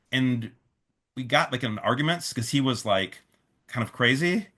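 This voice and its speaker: A man's voice: mid-range voice, animated, fairly quick, sharp tone. A man, a festival organizer, telling a long story in a casual interview, full of fillers and restarts, quoting others in his own voice.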